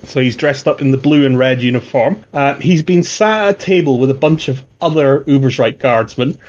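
A man running a tabletop role-playing game as game master, narrating in a halting way with many fillers and restarts. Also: mid-range voice, darkish tone, lo-fi sound.

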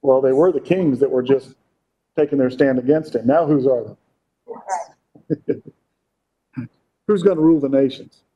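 A man's voice: medium pitch, measured pace, long pauses, dull audio. A man preaching a Bible-teaching sermon. He reads scripture aloud, explains it, and asks his listeners frequent rhetorical questions. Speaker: pastor.

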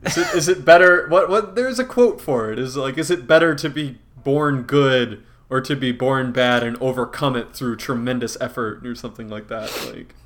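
A man's voice: medium pitch, normal speed, few pauses, fairly bright tone. Laughing young man telling a game story. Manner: laughing, swearing, storytelling about a video game. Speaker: podcast co-host. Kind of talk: casual chat.

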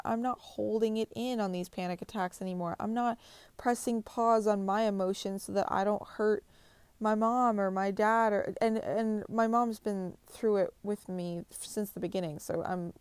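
A woman's voice: mid-range voice, fairly even intonation, normal speed, clear, resonant tone, no echo. Blunt, profane young woman vlogging. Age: 20s. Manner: blunt, heavily profane, emphatic and impassioned. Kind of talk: confessional vlog monologue.

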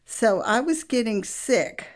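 A middle-aged woman speaks as a guest on a Christian talk program, recounting a memory from her marriage. She takes her time, drawing out each phrase in a slow, earnest way and letting a soft laugh slip in now and then. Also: on the high side, expressive. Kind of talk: personal story on a Christian talk show.

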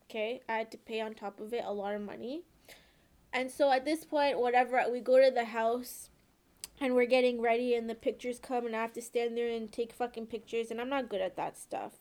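A young woman telling a long story in casual chat, profane and animated, checking in with "okay?" as she goes. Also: on the high side, brisk. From born and raised in the country she lives in.

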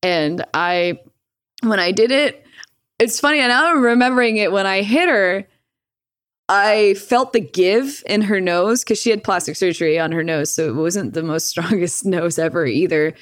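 A woman's voice: medium pitch, normal speed, no room sound, clean studio sound. A young woman telling a story casually, with lots of swearing and filler words. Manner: profane, filler-heavy with "like"; animated retelling with laughs. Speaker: streamer guest.

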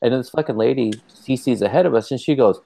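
A man co-hosting a podcast, chatting casually and telling lively stories, voicing the people in them with sudden jumps in pitch. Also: fast talker, vocal fry. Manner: animated storyteller, mimics people with pitch jumps. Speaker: podcast co-host.

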